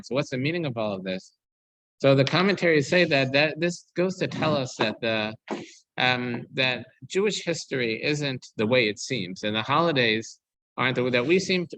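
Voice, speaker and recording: A man's voice: mid-range voice, bright, forceful tone, no room sound, low-quality recording. A man, a rabbi, teaching a weekly Torah class, reading verses aloud and explaining them while he thinks aloud with many ums and restarts.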